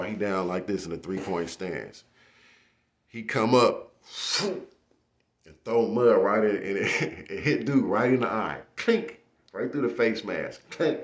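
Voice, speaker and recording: A young man telling a story casually and animatedly, laughing and acting out shouts. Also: fairly low pitch. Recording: echoey room.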